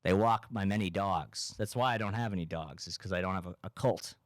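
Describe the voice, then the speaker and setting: A man from Massachusetts hosting a casual comedy podcast, rambling in a deadpan, ironic way with lots of "like". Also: low-pitched, a little fast, no room sound, clean studio sound. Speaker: podcast host.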